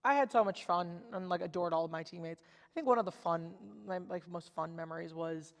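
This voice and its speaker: A young woman, a former college softball pitcher and podcast guest, talking casually and telling stories with lots of "like" fillers. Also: a little fast. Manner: chatty, lots of "like" fillers, lively storytelling. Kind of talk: casual chat. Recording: long echoey reverb.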